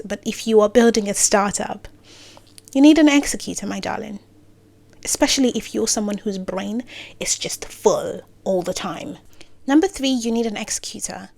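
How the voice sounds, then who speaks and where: A woman talking casually to camera with career advice, full of playful asides and self-corrections, sometimes dropping into soft near-whispers. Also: a little high, gravelly, no room sound. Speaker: creator giving career advice.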